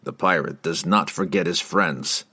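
A man's voice: low voice, a little slow, pushed and bright, breathy edge, heavily acted. A man reading the part of a wry wizard who speaks from a crystal ball, eager to serve.

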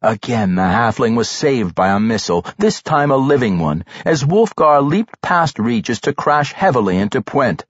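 Man reading a fantasy novel, husky voice, lots of swing in pitch, dry dull recording. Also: very animated, moderate pace, few pauses, dry recording. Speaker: audiobook narrator. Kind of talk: dramatic fantasy narration.

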